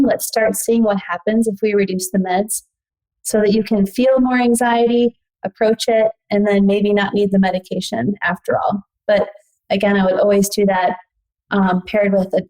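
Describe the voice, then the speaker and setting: A woman's voice: medium pitch, steady tone, normal speed, darkish tone, low-quality recording. A woman guest, a psychologist, explaining in casual talk and often saying "like".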